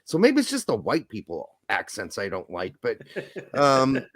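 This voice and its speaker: Loud, rambling Midwestern man. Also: lowish voice, wildly swooping pitch, moderate pace, no room sound, clean studio sound. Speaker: podcast co-host. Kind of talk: casual chat.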